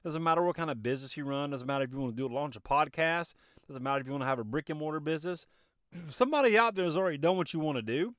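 A man delivers an emphatic, preachy motivational monologue as a podcast host, often asking himself rhetorical questions. His voice sits a little high and his throat sounds a bit choked up. The recording is dry and close, made on a phone in his car. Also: rapid-fire, no room sound.

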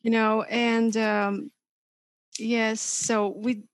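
A woman from the North Caucasus, a guest on a video call, who speaks hesitantly with many pauses and fillers. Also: fairly high pitch, little pitch movement, clean tone, dry recording. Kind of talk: casual interview over video chat.

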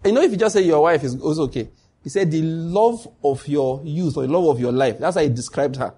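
A man preaching a sermon, telling stories with lively acted-out dialogue and frequent laughter. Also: on the high side, normal speed, pauses often, breathy edge. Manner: animated storytelling, laughs often, acts out dialogue.

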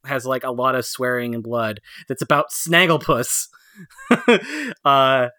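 A man's voice: mid-range voice, expressive, slow, pushed and bright, no echo, clean studio sound. Laughing, rambling podcast man. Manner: laughs often, rambling with many fillers. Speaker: podcast co-host. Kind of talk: casual chat reviewing cartoons.

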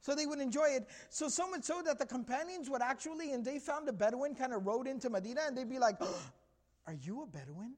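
High-voiced animated man lecturing in a hall. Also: fast, few pauses. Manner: animated storytelling, acting out dialogue, mixing Arabic quotations. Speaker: religious teacher. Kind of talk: lecture on prophetic traditions.

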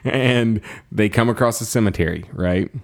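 A man co-hosting a film review podcast, chatting casually, laughing often and putting on high voices for characters. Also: moderate pace, vocal fry. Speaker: podcast co-host.

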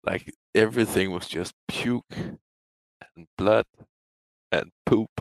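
Very deep-voiced man, dry close sound. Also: takes it slowly, no room sound, low-quality recording. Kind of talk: casual chat.

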